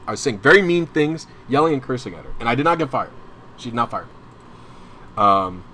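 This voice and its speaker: A man's voice: mid-range voice, fairly bright tone, a little hiss or hum. Rambling young man telling a story. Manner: rambling, full of restarts and asides; openly anxious and frustrated as he recounts. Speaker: streamer. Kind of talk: casual storytelling chat.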